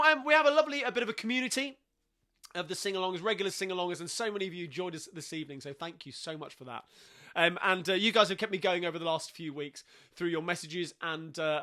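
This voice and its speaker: A man's voice: high voice, sharp tone. A tired man hosting a casual livestream sing-along from home, chatting at a rambling pace with many ums.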